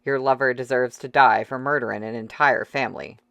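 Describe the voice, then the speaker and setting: A man's voice: mid-range voice, steady tone, brisk, fairly bright tone, no echo. A reader doing a sneering crude mob man. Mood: goading. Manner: sneering, rough slangy talk.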